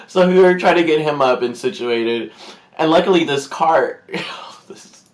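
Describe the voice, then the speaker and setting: In a laid-back vlog, a man with a higher-than-average voice narrates a story at a measured pace. The YouTuber rambles, fills space with fillers, and animatedly performs quoted people in put-on voices.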